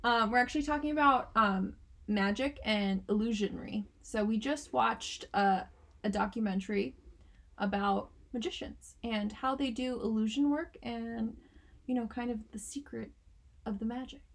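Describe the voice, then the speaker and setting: A woman's voice: fairly high pitch, normal speed, a bit bright. A young woman co-hosting a casual podcast, playful and teasing with mock-serious setups. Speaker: podcast co-host. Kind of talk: casual chat.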